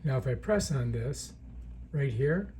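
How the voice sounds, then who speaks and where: A man's voice: mid-range voice, lively intonation, a little slow, warm tone, a little hiss or hum. A man giving a casual, chatty product demonstration in an indoor room, often checking in with the viewer. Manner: chatty, keeps checking in with "right?". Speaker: product reviewer.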